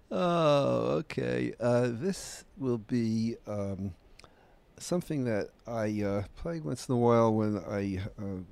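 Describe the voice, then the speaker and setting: Older guy hosting a radio show, mellow voice, lots of uh and um, rambly. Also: lowish voice, creaky, dry recording. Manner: hesitant and rambling, full of uh and um, chuckles to himself. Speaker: radio host introducing records. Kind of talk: casual chat.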